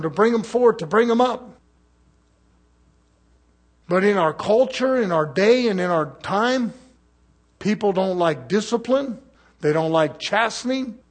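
A man preaching a sermon emphatically, swinging between loud and soft and throwing rhetorical questions at the congregation. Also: high voice, husky.

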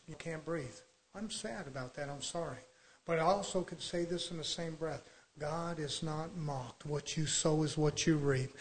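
A man preaching a sermon with fervent energy, moving between quiet asides and loud exhortation, telling stories in a folksy, colloquial way. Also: fairly high pitch, rough recording.

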